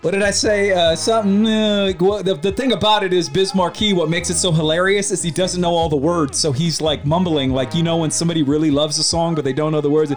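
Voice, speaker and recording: A man's voice: a little high, fairly even intonation, fairly quick, hardly any pauses, faint music behind. A man, co-hosting a casual podcast chat and telling stories with animation and casual swearing. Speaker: podcast co-host.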